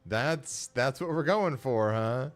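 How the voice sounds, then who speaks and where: A man co-hosting a comedy talk show, rambling in a relaxed, wry way. His voice is smooth and resonant at an ordinary pitch. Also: takes it slowly. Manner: laid-back, rambling, wry complaints. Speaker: co-host.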